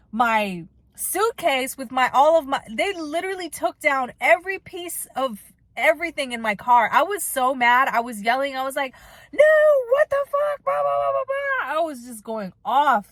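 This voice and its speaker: A woman's voice: high-pitched, animated, moderate pace, a bit bright, no echo. A young woman from the United States telling a rambling, candid story to her vlog audience and swearing freely. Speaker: vlogger.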